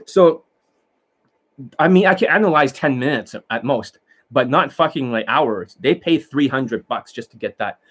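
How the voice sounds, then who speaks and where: A man's voice: mid-range voice, lively intonation, moderate pace, fairly bright tone, breathy edge. A man, a dating coach from Canada, talking to his students in a blunt, rambling, profane monologue and scolding them.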